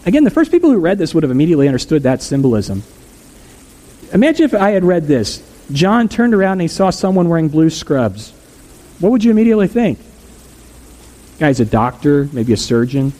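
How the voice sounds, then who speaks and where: A man's voice: a little high, very animated, fairly quick, pauses often, warm tone, rough recording. A man preaching a sermon as a pastor, talking conversationally and asking the congregation questions.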